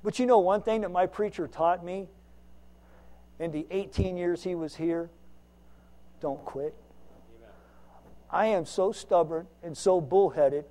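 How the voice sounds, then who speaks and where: High-voiced man preaching a folksy sermon. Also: measured pace, long pauses. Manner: folksy and self-mocking, swinging between loud emphasis and quiet asides. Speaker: lay preacher.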